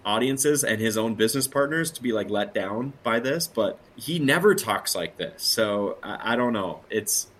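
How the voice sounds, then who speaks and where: A man's voice: lowish voice, expressive, moderate pace, few pauses, a bit bright, slight background noise. A man co-hosting a podcast in casual chat, joking and laughing as he talks. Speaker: podcast co-host.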